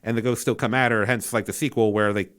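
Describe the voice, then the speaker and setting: A man's voice: lowish voice, fairly even intonation, fast talker, fairly bright tone, clean tone. A man giving a casual spoken movie review, incredulous and exasperated, rambling with fillers and restarts and swearing freely.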